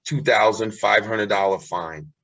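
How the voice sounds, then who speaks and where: A man's voice: fairly low pitch, unhurried, vocal fry, fairly bright tone, dry recording. Man guest in a casual interview, earnest, keeps repeating stuff to encourage people, dull dry lo-fi audio.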